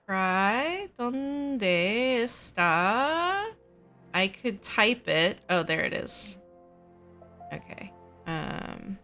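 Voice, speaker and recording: A woman's voice: mid-range voice, vocal fry, pushed and bright. A woman hosting a let's play, commenting in a playful, rambling, self-mocking way. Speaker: gamer host.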